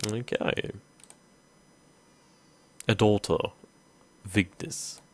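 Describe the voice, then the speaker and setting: A man's voice: fairly low pitch, very slow. A man hosting a strategy game let's play, thinking aloud casually with many ums. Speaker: gaming video host.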